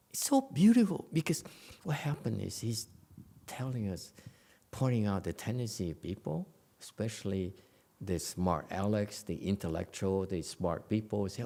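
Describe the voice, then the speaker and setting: A man's voice: on the low side, creaky, mellow. A man giving a blunt, joking dharma lecture as a Buddhist master at a meditation center. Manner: blunt, joking, repeats for emphasis.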